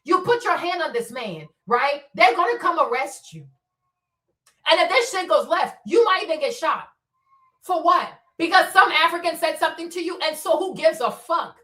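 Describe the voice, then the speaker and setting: A woman's voice: extremely high pitch, expressive, moderate pace, sharp tone, reverberant, distant mic. A woman hosting her own commentary show, scolding bluntly with profanity and rhetorical questions. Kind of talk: opinionated solo commentary.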